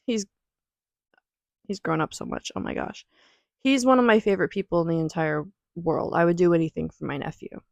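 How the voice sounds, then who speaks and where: A woman's voice: on the low side, brisk, vocal fry, long pauses, a little mellow, dry recording. Woman, young adult, confessional vlog, emotional, rambling, near tears, dry close sound. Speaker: vlogger.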